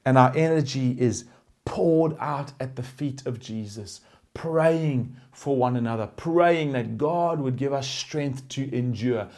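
A man preaching a sermon as pastor, animated, swinging between loud emphatic lines and hushed pastoral ones. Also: mid-range voice, slow pace.

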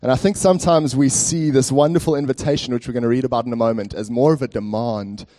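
A man's voice: medium pitch, fast talker, dark tone. A man preaching a sermon as pastor in a church, conversational and speaking directly to the congregation with frequent fillers.

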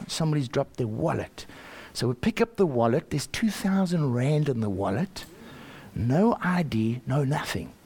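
This older South African speaker, with a mid-range and slightly rough voice, recounts his own faith journey in an earnest, animated way. He repeats himself frequently and laughs softly as he goes.

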